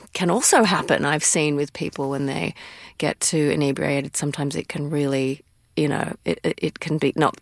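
A woman's voice: low-pitched, no echo, studio quality. A woman actress talking enthusiastically as an interview guest, laughing often and restarting her sentences. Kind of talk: conversational interview.

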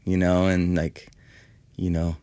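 A man's voice: deep voice, monotone, slow pace, mellow, dry recording. A man in his fifties from Los Angeles, a musician talking casually in an interview, rambling with lots of "like" and "you know.". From Los Angeles, California. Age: 50s. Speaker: musician guest.

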